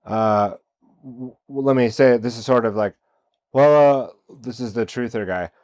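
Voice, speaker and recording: A man's voice: medium pitch, moderate pace, a little mellow, no echo, studio quality. A man hosting a solo commentary show, talking casually and posing one rhetorical question after another. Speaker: podcast host.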